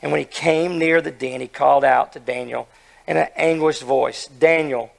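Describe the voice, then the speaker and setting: Man, hoarse, gravelly, fairly high voice, earnest sermon, emphatic. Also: steady tone, moderate pace. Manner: earnest, emphatic preaching with rhetorical questions. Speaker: pastor.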